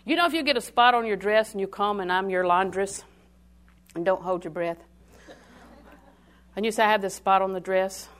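An older woman preaching a sermon in a call-and-response style, swinging from loud declarations to hushed asides. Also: medium pitch, normal speed, long pauses, clean tone.

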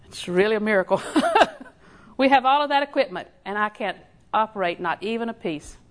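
An older woman preaching a sermon in a folksy, storytelling way, with slow emphatic repetition. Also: medium pitch, animated.

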